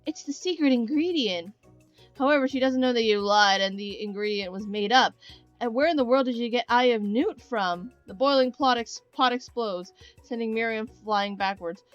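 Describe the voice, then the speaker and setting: A woman's voice: a little high, moderate pace, smooth. Sardonic woman reading a game aloud. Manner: sardonic, swears, reads dramatically. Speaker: let's player. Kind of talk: let's play commentary, reading game text aloud. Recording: slightly dull recording, faint music.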